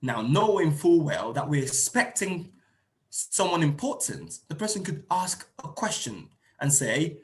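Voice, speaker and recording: A man's voice: high-pitched, big pitch swings, a little slow. A man giving an emphatic online seminar lecture to teachers, repeating key phrases and acting out example lines. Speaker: teacher trainer. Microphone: video call.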